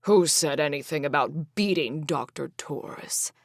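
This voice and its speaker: A woman's voice: low-pitched, unhurried, creaky, no echo, studio quality. A woman voicing a whiny, arrogant male elf emperor who sneers and talks down to others, in an audiobook fantasy reading. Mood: sneering. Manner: sneering, petulant.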